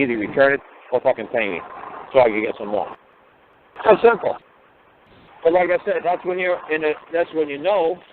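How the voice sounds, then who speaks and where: A man's voice: on the high side, slight background noise. A man talking bluntly and profanely, firing off rhetorical questions on a call-in talk show. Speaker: talk show guest lecturer. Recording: tinny phone line.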